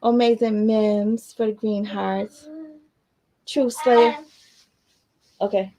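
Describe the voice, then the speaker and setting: A woman chatting on a phone livestream as host of her own channel. She talks loosely and warmly to her viewers, thanking them and addressing her baby, in a mid-range voice. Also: medium pitch, fairly even intonation, slow. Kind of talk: casual livestream chat.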